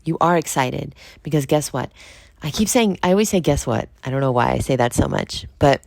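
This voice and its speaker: Woman, podcast host, solo monologue, very low voice, dry close sound, candid, curses casually. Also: lively intonation, fairly quick, creaky, darkish tone, no room sound. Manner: frank and confessional, swears freely; conversational, asks listeners direct questions. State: just woke up.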